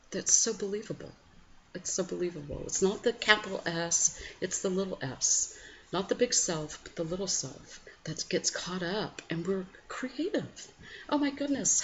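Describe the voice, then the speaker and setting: A woman hosting a spiritual morning program, speaking slowly and gently with pauses, sometimes rising suddenly in energy, recorded at home at night. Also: lowish voice. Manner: slow, gentle, pausing, with sudden lively rises. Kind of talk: reflective guided meditation talk. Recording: slightly muffled home recording with faint background noise.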